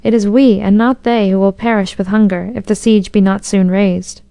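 A woman voicing a perturbed, grave enemy king in a storybook reading, reasoning calmly. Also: mid-range voice, normal speed, creaky, smooth, no echo, close to an everyday voice. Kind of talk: storybook narration.

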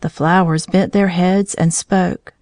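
A woman reading a children's story aloud, in a gentle, clear storytelling manner. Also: lowish voice, steady tone, slow pace, dry recording, studio quality.

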